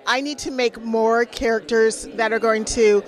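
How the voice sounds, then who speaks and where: A woman's voice: fairly high pitch, fairly even intonation, moderate pace. A woman interviewer asking questions in an eager, gushing, casual manner.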